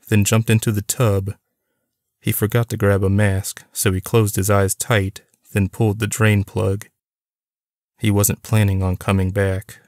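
A man narrating a novel chapter in a plain, even storytelling manner. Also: fairly low pitch, no room sound, studio quality. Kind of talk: audiobook reading of a novel.

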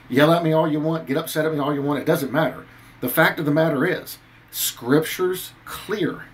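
A Christian video commentator, speaking in a mid-range voice on a rough recording, delivers an earnest, preachy rant based on scripture. He reads verses aloud and hammers home his points.

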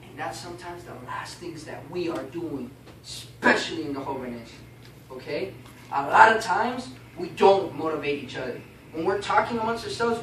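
A man teaching a baptism class in a casual, animated way, often asking "okay?" and "you know?". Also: high voice. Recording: echoey room, mic far off, faint noise.

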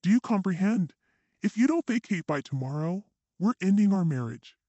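Man reading a bossy impatient husband, curt and demanding, lively pitch, dull lo-fi sound. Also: moderate pace, dry recording. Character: domineering impatient adult husband.

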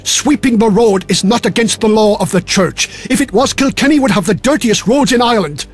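A man voicing a pompous medieval bishop who speaks in stern, booming pronouncements. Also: fairly quick, breathy edge, faint music behind.

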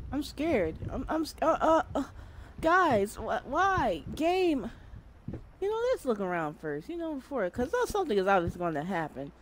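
Young female streamer, scared chatter, lively and a bit high, noisy background. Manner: jumpy, chatty, talks to the game and viewers. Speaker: gamer streamer. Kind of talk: let's-play commentary.

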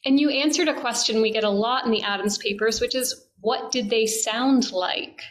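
Woman interviewer, bit high voice, really enthusiastic, lots of mm-hmms. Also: moderate pace, poor audio. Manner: enthusiastic, appreciative, frequent affirming murmurs. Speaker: interviewer from a historical society. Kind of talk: conversational interview at a public event.

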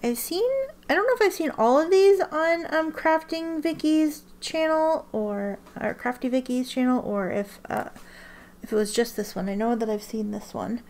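A woman's voice: sits high, normal speed, darkish tone. A woman chatting casually to camera in a rambling way, with many restarts and ums. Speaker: ink swatching vlogger.

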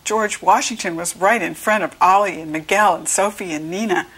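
An American woman reading a children's storybook aloud slowly and clearly for young listeners. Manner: slow, clear teaching read-aloud, brighter pitch for quoted children. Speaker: children's book reader. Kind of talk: read-along storybook narration.

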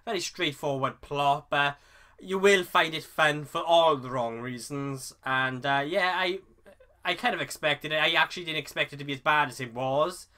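A man giving a casual, rambling film review, often restarting his sentences and filling pauses with ums and uhs. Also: a little high, bright, forceful tone. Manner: rambling, self-correcting, with many fillers. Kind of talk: casual spoken movie review.

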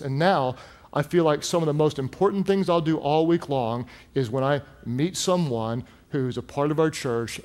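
A man preaching a sermon as pastor, telling stories with lively delivery that builds to shouted emphasis. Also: on the high side. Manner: animated storytelling, rising to shouts. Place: large church hall. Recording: long hall reverb.

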